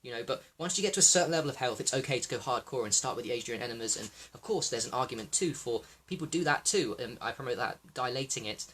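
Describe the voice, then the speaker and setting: Excitable, fast-talking man. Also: mid-range voice, slight background noise. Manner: excitable, profane, talking to viewers by name. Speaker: livestream host. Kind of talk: rambling livestream monologue.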